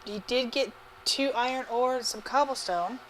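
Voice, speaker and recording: A woman giving live commentary on an online game match, chatty and quick to laugh. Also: a little high, low-quality recording. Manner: chatty, laughs often, excitable. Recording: faint background noise.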